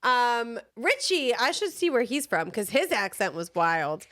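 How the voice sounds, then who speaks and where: A woman's voice: on the high side, big pitch swings, a little slow, fairly bright tone. A young woman co-hosting a podcast in casual chat, talking eagerly and filling her sentences with "like" and "um". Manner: chatty and enthusiastic, many fillers. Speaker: podcast co-host.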